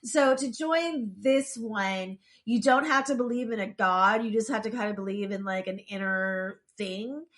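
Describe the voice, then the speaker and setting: A woman's voice: mid-range voice, unhurried, hardly any pauses, a bit bright. A woman co-hosting a podcast, casually recapping an episode with wry asides. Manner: chatty, wry asides, frequent restarts. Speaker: podcast co-host.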